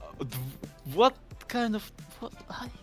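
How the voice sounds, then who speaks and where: A man's voice: extremely high pitch, sing-song, measured pace, faint music behind. A man, a guest creator, chatting casually in a teasing, sarcastic way. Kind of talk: casual chat.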